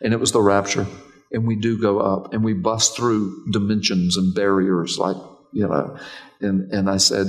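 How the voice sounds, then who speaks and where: An older man from Florida, a pastor, telling a story in a sermon with animated, repetitive narration. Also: lowish voice, normal speed, poor audio.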